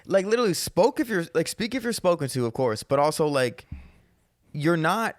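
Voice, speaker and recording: A man co-hosting a podcast and telling a profane, animated story as a stand-up comedian in casual chat. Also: on the high side, normal speed, dry recording, clean studio sound. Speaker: podcast co-host.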